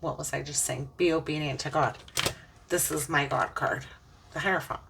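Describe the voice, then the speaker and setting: A woman's voice: low-pitched, fairly even intonation, normal speed, gravelly, far from the mic, noisy background. A woman giving an earnest, emotional spiritual tarot reading, preaching about faith as she turns the cards. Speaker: tarot reader.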